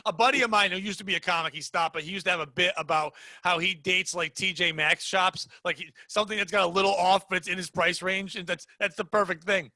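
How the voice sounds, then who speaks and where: A man hosts a podcast, firing off quick self-deprecating jokes. His voice is high and very bright, almost piercing, and he talks fast. The sound is dry and close, with no room around it. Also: steady tone, dry recording. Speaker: podcast host. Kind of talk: casual podcast banter.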